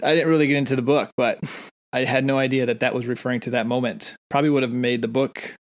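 A man with an American accent co-hosting a casual podcast chat, earnest and thoughtful, often pausing and restarting sentences. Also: mid-range voice, steady tone. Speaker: podcast co-host.

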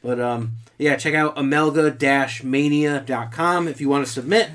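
A man's voice: medium pitch, moderate pace, a bit bright. A man co-hosting a podcast, joking around in casual chat and laughing often. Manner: joking, laughs often, quotes people in mock voices. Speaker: podcast co-host.

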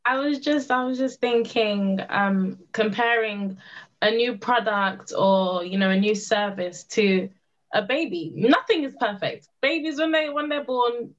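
A woman speaking as a panel guest in a casual discussion, thoughtful and measured, building her point through an analogy. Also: on the high side, muffled recording.

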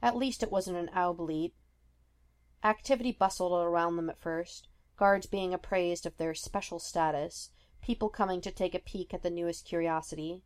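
A woman reads fanfiction aloud for a podfic podcast. Her voice sits on the low side, and her delivery is steady and measured.

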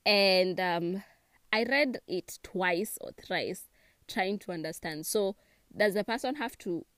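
A young woman with a Kenyan accent chatting casually, expressive and quick to laugh, giving relationship advice. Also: medium pitch, no room sound, clean studio sound. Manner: chatty and expressive, laughs often, mixes in Swahili words. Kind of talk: casual chat to camera.

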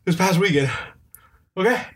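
A man's voice: high-pitched, normal speed. A man in casual chat, telling stories with lots of swearing and laughter, his mouth burning from hot sauce. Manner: profane, laughing animated storyteller. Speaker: friend in hot sauce challenge.

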